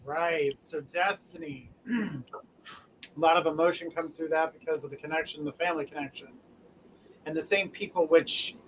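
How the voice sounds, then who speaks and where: A man giving a calm, measured psychic reading. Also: a little high, slight background noise, low-quality recording. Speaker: psychic reader. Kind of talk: live group reading.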